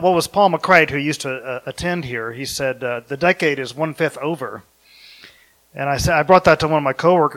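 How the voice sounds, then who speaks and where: A man's voice: a little high, fairly bright tone. A man giving an informal sermon, rambling and correcting himself, chuckling now and then. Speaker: preacher.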